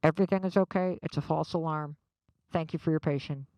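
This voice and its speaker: A woman playing a hotel manager with a calm, formal, reassuring tone. It comes through a dry, close recording with a slightly lower pitch. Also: fairly quick, dry recording, low-quality recording. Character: man, hotel manager making an announcement.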